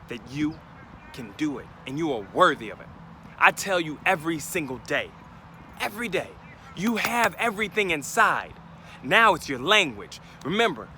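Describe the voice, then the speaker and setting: A man with a very bright, fairly high voice gives an emphatic, preachy motivational talk outdoors. He speaks straight to his listeners and urges them on. Faint street noise runs underneath.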